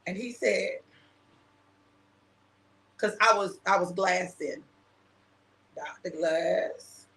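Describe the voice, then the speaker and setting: A woman's voice: mid-range voice, steady tone, takes it slowly, gravelly, a bit bright, reverberant. A woman minister hosting a casual chat, telling a personal story with laughter and acting out the quoted dialogue. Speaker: minister and show host.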